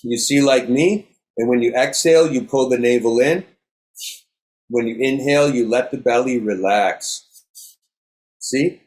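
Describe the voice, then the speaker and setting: A middle-aged man, a yoga instructor, calmly leading a class through breathing exercises with step-by-step cues. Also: medium pitch, a little slow, long pauses.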